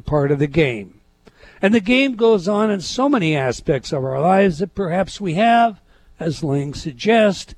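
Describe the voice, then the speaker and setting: Lively-voiced male talk show host. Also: high-pitched. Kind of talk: reflective talk and reading listener letters.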